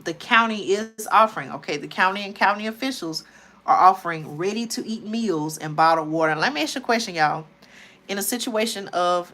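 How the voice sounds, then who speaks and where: Tired woman host chatting on a late stream, bright tense voice, kinda low pitched. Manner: chatty, addresses viewers as y'all. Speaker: livestream host. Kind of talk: casual livestream talk.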